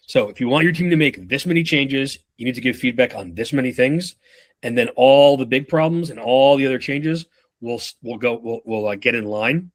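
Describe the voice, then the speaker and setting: A man leading a casual sales leadership training session over a video call, talking in an animated, profane way and acting out his examples. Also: medium pitch, no room sound.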